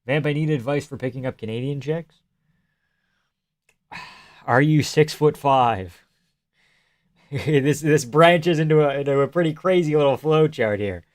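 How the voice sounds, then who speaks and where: A man's voice: fairly high pitch, measured pace, long pauses. A man hosting a live stream, reading viewer messages aloud and answering in a loose, joking way that sometimes drops to a near-whisper. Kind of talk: casual live stream chat.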